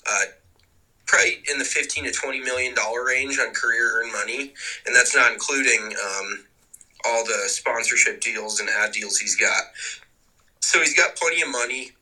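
A man's voice: medium pitch, normal speed, pushed and bright, low-quality recording. A man co-hosting a podcast, chatting casually and teasing about golfers, with loose, profane banter over a remote call. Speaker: podcast co-host. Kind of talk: casual chat. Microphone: remote call mic.

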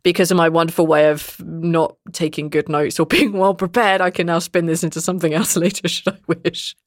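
A woman, a dungeon master, chatting casually on a podcast, animated and laughing often. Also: lowish voice, fairly quick, no echo, studio quality.

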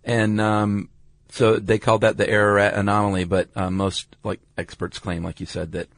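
A man's voice: lowish voice, level tone, moderate pace, dry recording. A man co-hosting a podcast in casual chat, making wry, dry asides. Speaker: podcast co-host.

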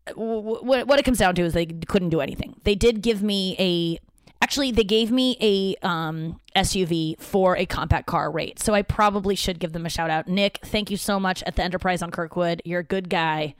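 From her home office, a stand-up comedian and podcast host from the St. Louis area tells a rambling, profane story solo, acting out what other people said. Her fairly low voice moves at a moderate pace, smooth and dry, with clean studio sound.

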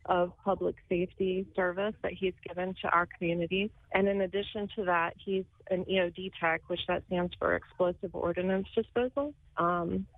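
A woman talks over a thin, tinny phone line with a dry sound. She is emotional and tearful, laughing as she speaks, and her words tumble out quickly. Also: lowish voice, fairly even intonation, dry recording. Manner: emotional, laughing through tears, fast and breathless. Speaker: caller. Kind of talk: phone call to a radio show.

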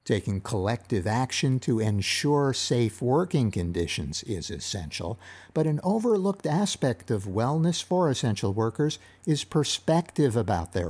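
A male host reads a scripted introduction in an earnest, measured way. His voice is somewhat husky, and his pitch moves in a lively, animated way.

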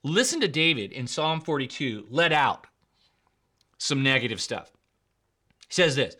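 A man's voice: mid-range voice, lively intonation, a little slow, long pauses, sharp tone. A man preaching a sermon in an emphatic way, repeating key points and calling his listeners guys and bro. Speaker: pastor.

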